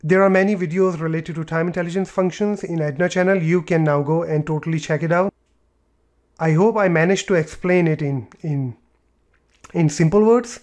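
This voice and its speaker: A man explaining a software tutorial step by step, with fillers and repeated words as he clicks through. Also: on the high side. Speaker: tutorial presenter. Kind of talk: screen-recorded software tutorial.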